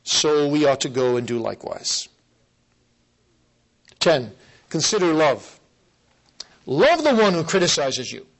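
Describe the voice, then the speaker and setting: Earnest preaching man, fairly high voice. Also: big pitch swings, rough recording. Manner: earnest, emphatic repetition with slow stressed phrases. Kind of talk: sermon.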